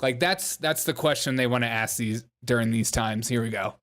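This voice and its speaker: A man's voice: medium pitch, normal speed, a bit bright. A man hosting a comedic political commentary show, mocking and joking as he laughs along. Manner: jokey, mocking, laughs often.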